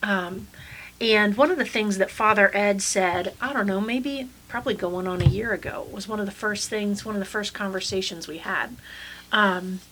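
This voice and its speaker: A woman pastor speaks in an easy, reflective way, pausing and circling back with soft fillers. Her voice sits at an ordinary middle pitch. A faint hiss runs under the recording. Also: poor audio. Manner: thoughtful, unhurried, many fillers. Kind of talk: casual faith discussion.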